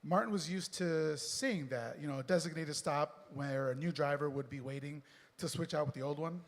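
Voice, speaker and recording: A man reading his own story live on stage into a mic, with quick joking asides to the audience. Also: fairly high pitch. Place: stage in a performance venue. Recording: long reverb in a performance hall.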